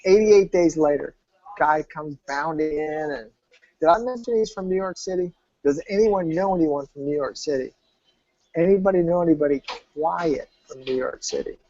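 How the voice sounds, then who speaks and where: Male salesman, emphatic storyteller, direct address, muffled low-fi recording. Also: normal speed, dark tone. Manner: emphatic, acts out quoted dialogue; talks straight to the viewer. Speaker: health program salesman. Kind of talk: sales pitch told as a story.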